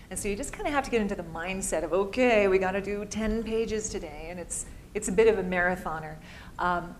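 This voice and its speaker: A woman's voice: medium pitch, a little hiss or hum. Chatty upbeat woman voice-over artist. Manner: chatty, upbeat, laughs easily. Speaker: voice-over artist answering audience questions. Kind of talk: live panel Q&A.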